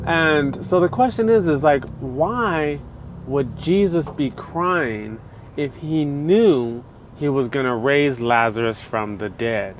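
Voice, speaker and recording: A man's voice: mid-range voice, expressive, slow pace, a little hiss or hum. Man giving a loose, chatty devotional talk. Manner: conversational and loose, many fillers like "you know" and "like". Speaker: preacher.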